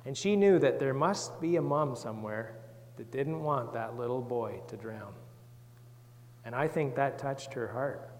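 A man giving a gentle Bible talk to children, reading verses and asking them questions. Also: mid-range voice, a little slow, big-room sound. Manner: gentle, reads scripture aloud, asks the children questions. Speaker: children's Sunday school teacher.

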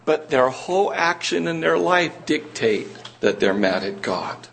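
A man delivers a sermon at an unhurried, deliberate pace, his voice somewhat husky and pitched a little high. He presses his listeners with earnest, rising questions. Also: fairly bright tone. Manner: slow, earnest preaching with rising emphatic questions. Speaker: preacher. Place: church meeting room.

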